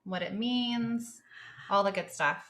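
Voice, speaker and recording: A woman in her forties co-hosting a podcast in casual chat, upbeat and playful with quick asides. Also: medium pitch, fairly bright tone. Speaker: podcast co-host.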